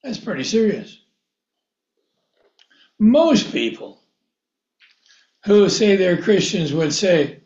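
A man preaching a sermon, reading scripture aloud and acting out biblical characters in a slow, deliberate way. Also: high voice, big pitch swings, darkish tone. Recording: echoey room, dull lo-fi sound.

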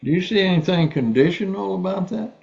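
A man's voice: high voice, lively intonation, brisk, gravelly, a little mellow. A man preaching a sermon, earnest, often repeating words as he restarts. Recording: dull lo-fi sound.

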